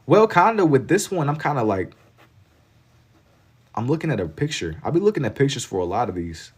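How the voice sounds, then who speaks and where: A man's voice: medium pitch, big pitch swings, fairly quick, husky. A man from Kentucky with a Southern accent, chatting casually and rambling with lots of "like" while he draws on a live stream. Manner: laid-back, rambling, heavy on filler "like".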